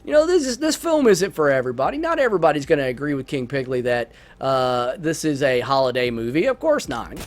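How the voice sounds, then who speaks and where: A man's voice: mid-range voice, big pitch swings, fairly quick, hardly any pauses. A man hosting a let's-play, chatting casually through a movie review in a rambling way with many restarts.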